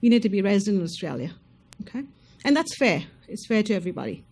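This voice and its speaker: At an information session, this scholarship program presenter talks quickly and very animatedly in a medium-pitched, darkish-toned voice. She's direct and emphatic with the applicants and frequently checks in on them.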